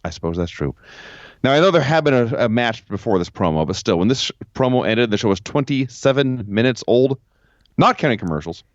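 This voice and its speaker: A man's voice: medium pitch, animated, fairly quick, no echo. Man recapping in a dry, muffled voice. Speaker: podcast co-host. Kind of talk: casual recap chat. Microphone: remote call from home.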